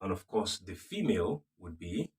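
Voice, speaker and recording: A man with a Nigerian accent teaching French, slowly repeating phrases and checking that the class follows. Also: low voice, very animated, darkish tone, breathy edge. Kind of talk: slow classroom lesson. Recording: voice from a distance off the mic.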